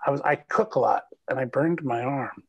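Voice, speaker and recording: A middle-aged actor chatting as a guest over a video call, telling animated stories and laughing often. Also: male voice, medium pitch, moderate pace, creaky, dull audio. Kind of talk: casual video call interview.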